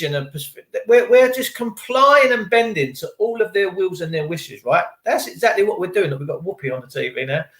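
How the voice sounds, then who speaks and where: A man's voice: high-pitched, fairly bright tone. Indignant man ranting, roomy echo. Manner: rambling, indignant, full of rhetorical questions. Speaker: vlogger. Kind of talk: ranting commentary to camera.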